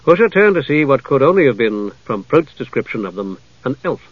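A man's voice: mid-range voice, big pitch swings, no echo. Man narrating a fantasy audiobook. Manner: measured storytelling. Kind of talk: scripted narration. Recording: dull lo-fi dry recording.

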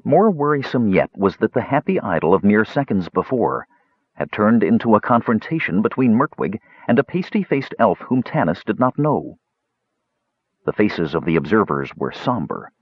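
A man reading a fantasy novel aloud as an audiobook narrator, with expressive storytelling. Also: on the low side, moderate pace, slightly rough, dry recording, highs cut off.

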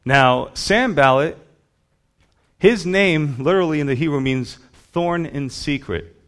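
A man's voice: a little high, animated, unhurried, fairly bright tone. A man preaching a sermon as a pastor, emphatic, with rhythmic lists.

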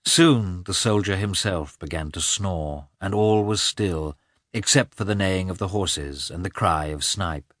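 A man narrating a novel in a measured, expressive reading, recorded close to the mic. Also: deep voice, no room sound. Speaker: audiobook narrator. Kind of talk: scripted narration.

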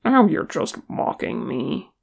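A blunt dwarf warrior who grumbles and complains with a rough, heavily gravelly edge, as the audiobook reader puts him on. He speaks slowly. The voice stays close to the reader's own. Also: medium pitch, big pitch swings, exaggerated voice. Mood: grumbling. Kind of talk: fan fiction audiobook reading.

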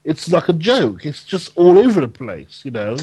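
A man's voice: fairly high pitch, very animated, normal speed, warm tone, slightly rough, no room sound, poor audio. A man on a podcast panel, ranting in casual chat with many fillers and frequent laughter.

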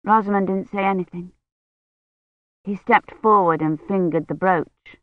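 Slow, measured woman narrator. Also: mid-range voice, no room sound. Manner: measured, even reading. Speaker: audiobook narrator. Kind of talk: scripted narration. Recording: dry, dull lo-fi audiobook recording.

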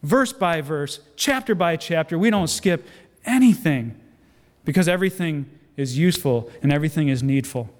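A man preaching a sermon as a guest speaker, animated storytelling with acted-out quotes and self-deprecating humor. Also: a little high, normal speed. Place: church sanctuary. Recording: long church hall reverb.

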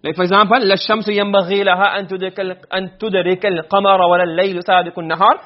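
A man teaching Arabic grammar in a classroom, talking fast and fairly high for a man. His comes through, and he keeps firing questions at his students. The recording is muffled and lo-fi. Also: level tone. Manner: quizzing students with quick questions. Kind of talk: classroom lesson.

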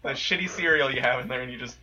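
A man's voice: medium pitch, fast, sharp tone, lo-fi sound, a little hiss or hum. A man co-hosting a comedy podcast, laughing often and riffing with exaggerated disgust. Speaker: podcast co-host.

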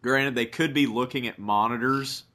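Male podcast co-host, bright and forceful voice, relaxed joking commentary. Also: medium pitch, moderate pace. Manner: laughs often, swears casually. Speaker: podcast co-host watching old wrestling. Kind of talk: casual chat, watch-along commentary.

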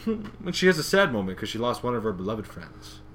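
A young man co-hosting a podcast, casually recapping a cartoon episode and acting out characters in quick voices, swearing as he goes. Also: lowish voice, big pitch swings, a bit bright, slight background noise. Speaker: podcast co-host.

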